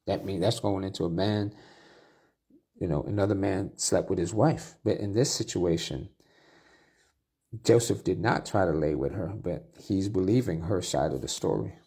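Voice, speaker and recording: Gravelly low-voiced male preacher. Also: lively intonation, moderate pace, darkish tone. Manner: reads scripture aloud then explains it, with restarts and asides. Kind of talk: Bible study sermon.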